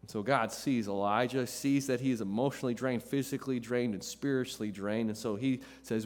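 Male pastor, sermon delivery, emphatic with repetition, mid-pitched, long hall reverb. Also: fairly even intonation, brisk, few pauses. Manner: emphatic, repeats phrases for effect.

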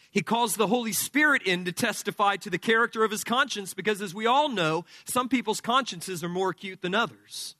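A man's voice: sits high, sharp tone, no echo. A man preaching an expository sermon, laying out his points one by one with firm emphasis. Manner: emphatic, methodical teaching with numbered points.

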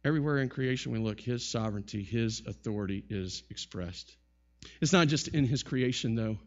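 A man's voice: medium pitch, moderate pace, dull audio. A male pastor preaching a sermon emphatically, asking many rhetorical questions and often repeating words.

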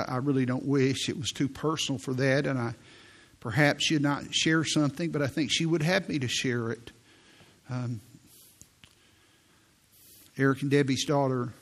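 A man preaching a sermon in a slow, deliberate way, reading scripture aloud and explaining it. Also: medium pitch, fairly bright tone. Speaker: pastor.

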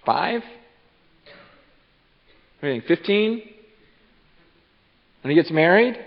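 A man in his thirties preaching a sermon, halting and repeating words, telling stories with lively acted-out asides. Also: a little high, gravelly. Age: 30s. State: short on sleep. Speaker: pastor. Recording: dull sound with long hall reverb.

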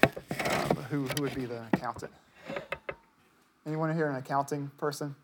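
A man's voice: mid-range voice, steady tone, normal speed, heavy background noise. A man preaching a sermon to a congregation, conversational and emphatic, repeating words to stress his points. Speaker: pastor.

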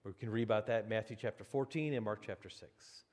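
A man preaching a sermon as pastor, in an animated, conversational way with frequent restarts. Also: on the low side, fast. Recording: long hall reverb.

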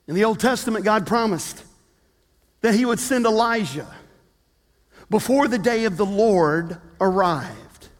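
A man preaching a sermon as a pastor, telling a story in a lively way with humorous asides. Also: sits high, unhurried, pauses often. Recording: long reverb of a large hall.

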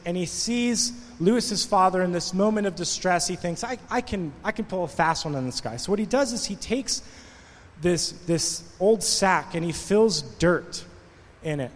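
A man's voice: high-pitched, big-room sound. A man preaching a sermon, telling a story in a casual way and then building to impassioned, rising preaching. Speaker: pastor. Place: church hall.

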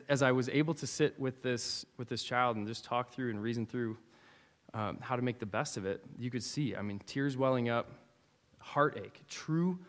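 A man preaching a sermon, telling stories from teaching kids and acting out their replies in a lively way. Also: mid-range voice. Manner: animated storyteller, acts out students' replies. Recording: long hall reverb.

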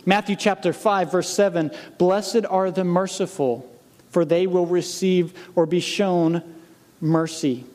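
A man preaching as a pastor, speaking earnestly to his congregation and reading scripture slowly with emphasis. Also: sits high, darkish tone. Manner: earnest, direct appeals to the congregation. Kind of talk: sermon. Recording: long hall reverb.

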